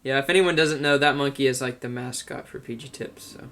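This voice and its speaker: A man's voice: medium pitch, a little fast, fairly bright tone, a little hiss or hum. A man hosting a casual director's commentary. He talks in a chatty way, laughs often and keeps restarting his sentences. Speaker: video director and host.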